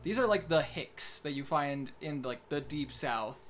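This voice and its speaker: A man from Minnesota narrates a tabletop game as game master, rambling and joking with plenty of fillers. His voice sits a little high for a man, with a faint hiss underneath. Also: expressive, a little slow.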